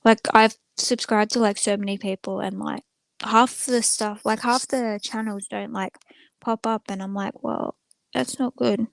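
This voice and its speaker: A woman hangs out on a casual live stream from a room at home, talking loosely to her viewers. She rambles from thought to thought with plenty of fillers. Her voice sits at an everyday middle pitch and sounds dry, with no room echo. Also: steady tone, normal speed, gravelly. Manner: rambling, many filler words, chatting to viewers. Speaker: small channel live streamer. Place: room at home with the door closed.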